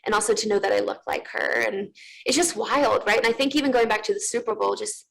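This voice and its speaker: A woman's voice: fairly high pitch, fast, vocal fry, low-quality recording. A woman in her twenties, a guest on a TV interview, telling a personal story in an earnest, rambling way with many fillers.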